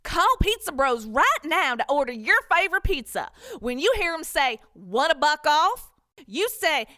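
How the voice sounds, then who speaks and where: A woman's voice: high voice, big pitch swings, a little slow, bright, forceful tone, no room sound, clean studio sound. A woman opening a comedy podcast with a playful drawl, then reading the customers' lines. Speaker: podcast co-host. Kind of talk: comedic intro and character reading.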